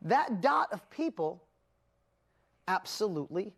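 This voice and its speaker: A woman's voice: mid-range voice, takes it slowly, breathy edge. A middle-aged woman with a New York accent giving a motivational seminar talk as a business coach, telling stories and acting out her own inner voice. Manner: animated storytelling with acted-out inner voices.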